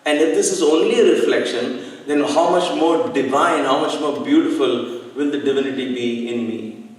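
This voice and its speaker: A man giving a devotional talk, earnest and reflective, telling a personal story with slow pauses. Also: medium pitch. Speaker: satsang speaker. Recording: echoey hall, speaker far from mic.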